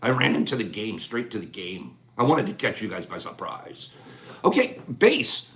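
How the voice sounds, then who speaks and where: A man hosting a casual live chat, calling out items rapidly in a playful, animated way and joking with viewers indoors. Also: lowish voice. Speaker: livestream host.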